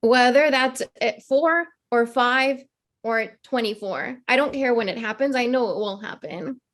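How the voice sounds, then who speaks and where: A woman's voice: fairly high pitch, measured pace, a bit bright. A woman in her thirties, a therapist and mother, talking earnestly and reflectively as a guest in a conversational interview. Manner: earnest, reflective, acts out children's voices in quotes.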